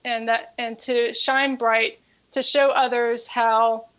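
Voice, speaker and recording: A woman's voice: a little high, flat delivery, takes it slowly, fairly bright tone, clear, resonant tone. A woman fitness coach and author, speaking as an interview guest and telling a story earnestly, often repeating her words.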